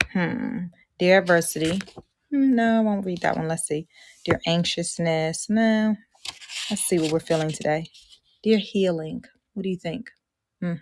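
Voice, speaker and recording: Chatty encouraging woman coach, lowish voice. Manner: chatty and encouraging, asks the audience questions; rhythmic spoken-word reading. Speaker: host and coach. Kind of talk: live coaching talk with poetry reading.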